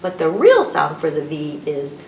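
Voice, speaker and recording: Woman reading aloud slowly, echoey room. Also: medium pitch, big pitch swings, a little hiss or hum. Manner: playful, sing-song phonics teaching with sound effects. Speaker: library storytime host. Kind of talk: children's read-aloud lesson. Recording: echoey room, distant mic.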